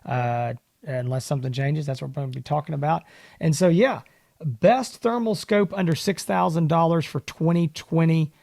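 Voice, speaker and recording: Animated man, higher voice. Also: moderate pace, creaky, no room sound, studio quality. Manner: animated storyteller, laughs often. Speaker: podcast co-host. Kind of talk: casual chat.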